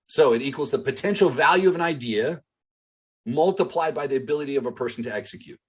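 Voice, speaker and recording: A husky, mid-range voice belongs to a business coach running a live online group call. Captured on a video-call mic, he teaches in a relaxed, conversational way, packed with fillers and direct asks to the group.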